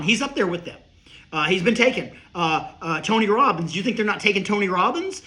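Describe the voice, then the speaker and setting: Middle-aged male comic, high bright voice, rambling riffs and asides. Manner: rambling, riffing, quick asides. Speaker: comedian and speaker. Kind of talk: comedic monologue.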